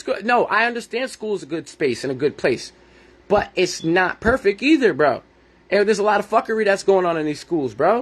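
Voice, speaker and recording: Man, 30s, high voice, husky, podcast host, heated profane rant, re-enacts his own conversations. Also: fairly bright tone. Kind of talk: ranting monologue.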